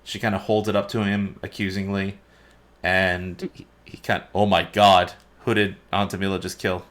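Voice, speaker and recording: A man narrating as dungeon master of a tabletop game, relaxed and unhurried with small hesitations. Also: low voice.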